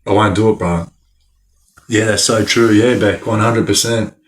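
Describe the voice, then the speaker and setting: A young man with an Australian accent talks to his chat on a live stream. His voice sits on the low side, and he keeps breaking into laughs between loose, slang-heavy remarks. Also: fairly even intonation, moderate pace, a little hiss or hum. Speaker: livestreamer.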